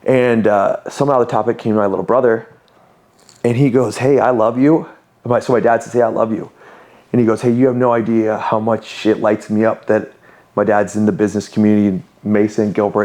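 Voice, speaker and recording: A man, telling personal stories candidly and animatedly as a podcast guest. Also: lowish voice. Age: 30s. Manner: animated, candid, storytelling with quoted voices. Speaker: podcast guest, business owner. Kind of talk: casual interview storytelling.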